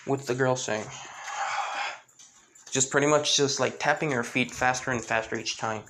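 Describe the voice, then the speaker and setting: A man's voice: mid-range voice, fairly even intonation, a little slow, long pauses, bright, forceful tone, slight background noise. A man casually narrating a fan-made story, rambling with frequent restarts and fillers.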